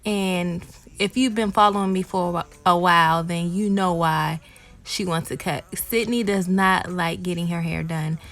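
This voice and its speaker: A woman's voice: fairly low pitch, steady tone, moderate pace, fairly bright tone, faint music behind. A woman, a mother and hair vlogger, narrating a home haircut in a casual, explanatory voice-over full of ums and likes.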